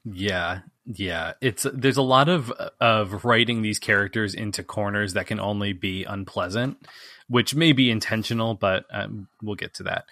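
A man recaps a movie for a podcast in easy, conversational chat, often saying "like". His voice is on the low side yet bright in tone. The sound is dry and close. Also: normal speed, dry recording. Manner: steady recapping, peppered with "like". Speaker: podcast co-host. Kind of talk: casual film review chat.

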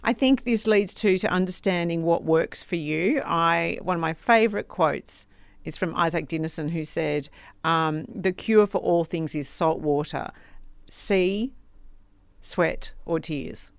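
Australian woman podcast host, low gravelly voice, dry close sound, chatty and laughing. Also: a little slow, no echo. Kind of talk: casual podcast conversation.

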